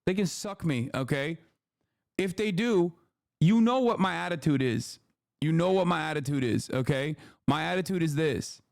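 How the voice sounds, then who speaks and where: A man's voice: fairly high pitch, animated, normal speed, a little mellow, dry recording, studio quality. Profane, sarcastic male political streamer. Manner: profane, sarcastic, mocking impressions. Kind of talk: live-stream reaction commentary.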